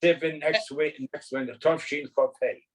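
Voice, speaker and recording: A man's voice: on the high side, steady tone, moderate pace, rough recording. A man in his eighties from Canada, earnestly reminiscing in an interview with rambling anecdotes. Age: 80s.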